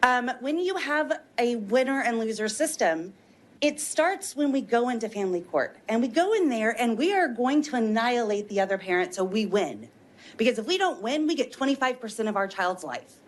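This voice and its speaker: A woman's voice: fairly high pitch, big pitch swings, moderate pace. Earnest woman testifying at a hearing. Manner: earnest, persuasive, pleading. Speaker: witness testifying at a legislative hearing. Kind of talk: public testimony. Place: legislative hearing room.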